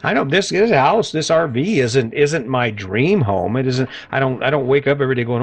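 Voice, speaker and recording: A man's voice: medium pitch, a little fast, few pauses, faint music behind. A man hosting a casual motivational podcast in a folksy, chatty way, often tagging his points with "right?". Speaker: podcast host. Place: lives in an RV.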